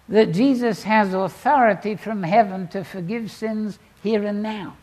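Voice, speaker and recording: A man preaching a sermon, telling the story dramatically and swinging between loud exclamations and quiet asides. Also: high voice, a little slow, hardly any pauses.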